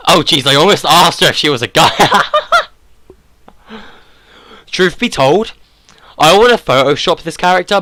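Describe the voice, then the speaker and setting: A man's voice: on the high side, bright, forceful tone, no room sound. A man hosting a let's play, reading game dialogue aloud and joking and chatting about it, often laughing.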